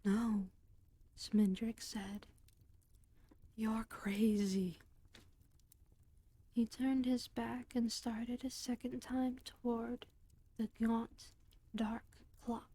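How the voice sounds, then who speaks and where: A woman storyteller reading a book aloud in a whispered role-play, with a slow and gentle whisper into a close microphone. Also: fairly high pitch, flat delivery.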